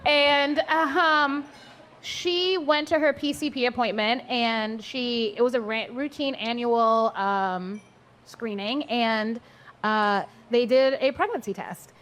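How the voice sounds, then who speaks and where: A woman's voice: a little high, takes it slowly, a bit bright. A woman who is a mother of four and works as an abortion doula, speaking candidly at a live panel, blunt, swearing freely and laughing as she tells stories. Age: adult, mother of four. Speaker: abortion doula and maternal health advocate. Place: live event at a coffee house.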